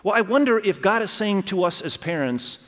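A middle-aged man delivers a sermon in a fairly high voice, earnest and emphatic, hammering his key points through repetition. His words ring out with a long reverb, as in a big church sanctuary. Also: lively intonation, brisk, a bit bright. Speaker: pastor. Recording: long reverb of a large hall.

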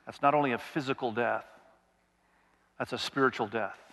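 A man's voice: mid-range voice, steady tone, normal speed, gravelly, a bit bright, long reverb tail. A male pastor preaching a sermon, reading scripture aloud and asking the congregation questions as he goes.

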